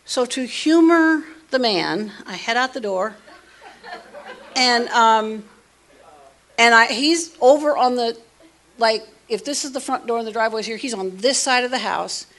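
A woman casually telling a personal story, animated, dropping to hushed asides and rising to loud emphasis. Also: a little high, a little slow. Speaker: storyteller sharing a personal testimony.

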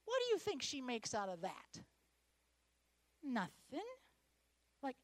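A middle-aged woman preaching a sermon in an animated way, acting out Bible characters and dropping at times to a hushed whisper. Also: high voice, takes it slowly, pauses often.

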